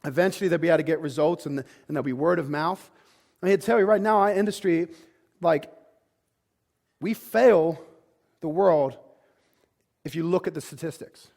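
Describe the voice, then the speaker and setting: A man's voice: a little high, normal speed, creaky, long pauses, a little mellow. A man giving a motivational presentation to a room of fitness trainers. He talks emphatically, with frequent "like" and restarts. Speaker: fitness business speaker. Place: conference room with live audience.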